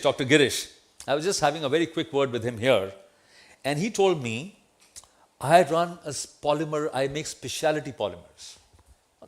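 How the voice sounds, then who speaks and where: A middle-aged man with an Indian English accent gives a lecture in an auditorium, asking the audience questions and tagging lines with "right?". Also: mid-range voice. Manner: conversational, asks the audience questions, tag "right?". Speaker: guest lecturer. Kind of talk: memorial lecture to students.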